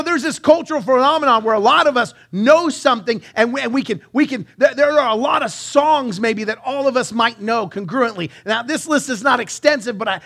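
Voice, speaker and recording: A pastor with a high, bright voice preaches a live sermon in a church sanctuary. He's lively, bantering with the congregation and singing snippets of songs.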